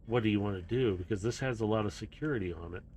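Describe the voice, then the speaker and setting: A man's voice: on the low side, quick pace, a little mellow, a little hiss or hum. A man narrating and running a tabletop role-playing game as game master, in a casual, storytelling manner with laughs.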